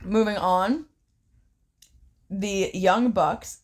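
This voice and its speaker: A woman co-hosting a casual podcast, swearing constantly as she tells a story in an animated way. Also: mid-range voice, moderate pace. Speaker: podcast co-host. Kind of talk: casual chat recapping wrestling.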